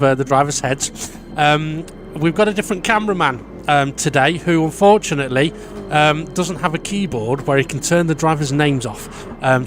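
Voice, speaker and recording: A man's voice: fairly high pitch, slight background noise. Chatty male sim racing commentator. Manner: chatty, filler-heavy, stumbling. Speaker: race commentator.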